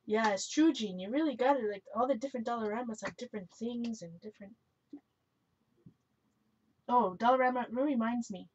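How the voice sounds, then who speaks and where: A woman's voice: a little high, brisk, a little hiss or hum. Chatty woman on a dull lo-fi stream. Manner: chatty, self-correcting, bursts into laughter; reads viewer comments aloud. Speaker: live-stream host. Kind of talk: casual chat while crafting. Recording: dull lo-fi recording.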